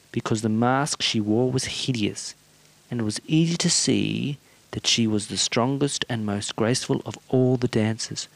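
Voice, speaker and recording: Male reader, measured storytelling, close dry mic. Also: medium pitch, vocal fry, no room sound. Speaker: narrator. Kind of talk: story reading.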